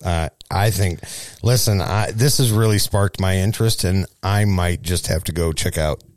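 A man's voice: low voice, moderate pace, no room sound. Joking St. Louis man on a dry studio mic. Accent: St. Louis, Missouri. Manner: joking, lively, with playful asides. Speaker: show co-host. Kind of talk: casual local news chat.

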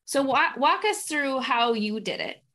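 A woman's voice: high voice, lively intonation, measured pace, sharp tone. A woman hosting an interview, thinking aloud and encouraging her guest as she asks her questions. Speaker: interview host. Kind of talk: casual interview.

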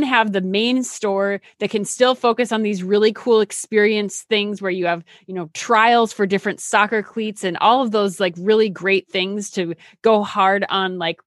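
A woman's voice: mid-range voice, no room sound. A woman in her thirties gives her take on retail news with eager, emphatic enthusiasm. Her voice is dry and close, with no room sound. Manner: enthusiastic, emphatic, repeats words for stress. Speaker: co-host of a retail news show. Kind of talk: casual news discussion.

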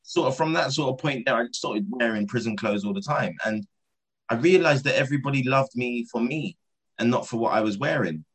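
A man's voice: mid-range voice, fairly quick, fairly bright tone, breathy edge, low-quality recording. A man, telling his own life story candidly and acting out the dialogue he quotes. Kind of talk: personal storytelling talk.

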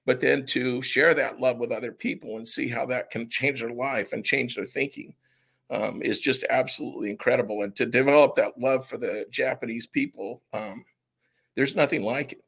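A man's voice: mid-range voice, steady tone, moderate pace, fairly bright tone. A man speaking as an interview guest, recalling personal experiences in an earnest, reflective way. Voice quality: gravelly, husky. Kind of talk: conversational interview.

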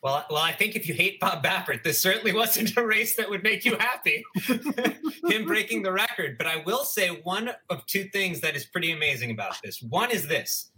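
A man's voice: sits high, animated, moderate pace, pushed and bright. A man co-hosting a racing podcast, giving upbeat, persuasive analysis in a casual chat. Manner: upbeat, persuasive, making points. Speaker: podcast co-host.

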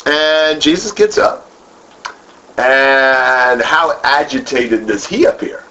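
A man's voice: mid-range voice, slow, sharp tone. A man leading a group Bible study, who asks questions, then repeats and expands on the answers. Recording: dull lo-fi room recording with faint noise.

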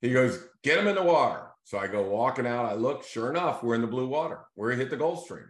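Lively, storytelling man in an echoey room. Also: mid-range voice, fairly quick. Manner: animated storyteller who acts out quoted voices. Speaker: real estate team leader hosting a video series. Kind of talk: casual storytelling monologue.

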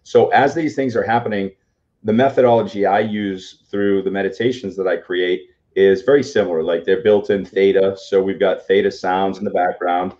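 Mellow low-voiced man hosting. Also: fairly even intonation, moderate pace. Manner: rambling, restarting questions. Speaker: podcast co-host and coach. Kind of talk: casual interview questions. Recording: dull lo-fi audio.

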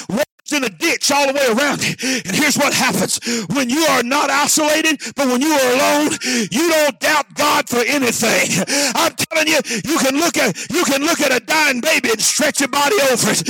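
A man preaching a sermon, telling the story dramatically, often shouting and acting out the voices. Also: very high-pitched, creaky, slightly rough, no room sound.

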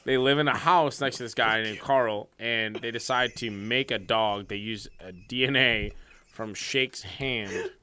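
A man's voice: medium pitch, a little slow, bright, forceful tone, slight background noise. A young man co-hosting a casual podcast, laid-back and joking, often trailing off into laughs. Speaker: podcast co-host. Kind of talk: casual chat.

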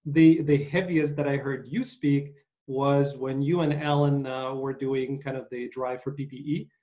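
A man's voice: medium pitch, steady tone, a little slow, warm tone. A man hosting an interview, telling stories in a rambling, hesitant way with many uhs. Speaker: podcast host. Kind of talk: casual interview chat. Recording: dull lo-fi sound.

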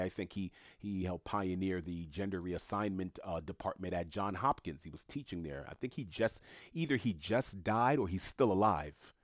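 Deep-voiced man lecturing with rhetorical questions. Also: no echo, studio quality. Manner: lecturing, asks and answers his own rhetorical questions; emphatic repetition, punchy short phrases. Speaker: commentator. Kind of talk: opinion monologue.

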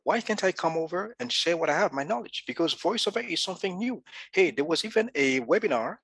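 Animated man from Gabon, husky voice. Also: high-pitched, fairly quick, no echo. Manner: animated storyteller, acts out quoted dialogue. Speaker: podcast guest. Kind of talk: casual interview talk.

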